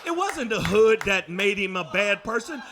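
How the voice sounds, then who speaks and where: Brash, profane male stand-up comic with a high voice, working a club crowd. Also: very animated, normal speed, sharp tone, a little hiss or hum. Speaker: stand-up comedian. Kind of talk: stand-up comedy set. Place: comedy club before a live audience. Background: audience laughter.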